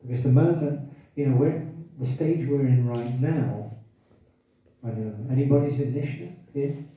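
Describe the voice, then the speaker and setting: In a mid-range voice at normal speed, a hiccuping male lecturer teaches scripture, quizzing his audience and repeating important phrases. The distant, tinny recording has a big echo and slight background noise.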